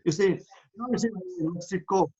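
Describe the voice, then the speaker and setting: A man's voice: high-pitched, brisk, mellow, breathy edge, dull audio. A man with a Malaysian English accent answers questions in a live online session, rambling and repeating words with many "uh" and "no?" tags. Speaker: company founder answering questions.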